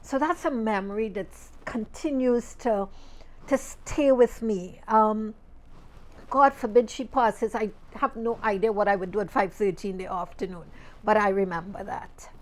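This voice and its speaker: A middle-aged woman co-hosting a podcast, speaking in a measured, thoughtful way with many pauses. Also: medium pitch. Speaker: podcast co-host. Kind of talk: casual chat.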